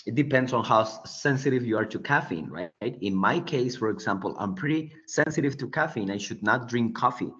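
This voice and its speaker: A man's voice: mid-range voice, animated, brisk, hardly any pauses, fairly bright tone. A man teaching an English class online, walking students through a quiz and checking in with "right?" often. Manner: explanatory, checking in with frequent "right?". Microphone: computer mic on a video call. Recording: dull lo-fi meeting recording.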